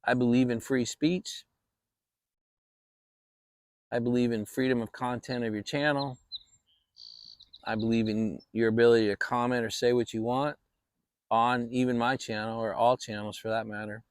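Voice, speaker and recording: A man's voice: mid-range voice, flat delivery, normal speed, long pauses, dry recording, studio quality. A man hosting a casual fireside chat vlog, talking in a rambling, reflective way with many restarts. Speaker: channel host.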